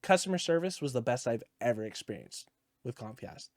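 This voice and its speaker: A man co-hosting a gaming podcast, telling a story in an animated, profane rant. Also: mid-range voice, fairly quick, dry recording, studio quality. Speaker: podcast co-host. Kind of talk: casual podcast chat.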